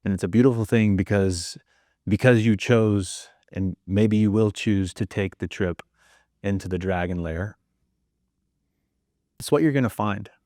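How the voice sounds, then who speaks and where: A man's voice: fairly low pitch, unhurried, long pauses, dark tone, no room sound, studio quality. A man hosting a podcast, telling a reflective story in the second person, earnest and casual with some swearing. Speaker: podcast host.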